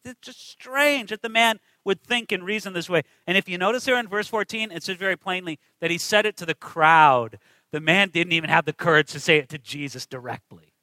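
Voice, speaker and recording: A man's voice: high voice, brisk, bright, forceful tone, no echo, rough recording. A man preaching a sermon, emphatic and full of rhetorical questions to his listeners.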